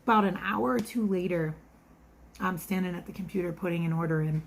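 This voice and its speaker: A woman's voice: fairly low pitch, steady tone, brisk, gravelly, a little hiss or hum. A middle-aged woman telling a rambling story in a casual confessional vlog. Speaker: vlogger.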